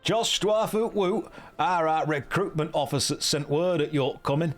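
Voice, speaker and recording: A brusque, commanding naval officer from a video game barks out orders in a raised, slightly higher voice, as a man puts him on. His accent wanders from one dialect to another as he goes. Faint game music plays underneath. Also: normal speed, lightly acted. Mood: formal, commanding. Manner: accent drifts between dialects.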